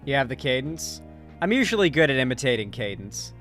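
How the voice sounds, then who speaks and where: A man's voice: mid-range voice, very animated, fairly quick, a bit bright, soft background music. A young man hosting a casual live commentary stream, loose and rambling, swearing casually and tagging his lines with questions.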